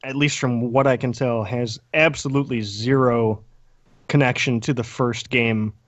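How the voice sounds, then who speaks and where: A man's voice: medium pitch, fairly even intonation, normal speed, no echo. A man co-hosting a podcast in casual chat, rambling and joking with frequent restarts. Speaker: podcast co-host.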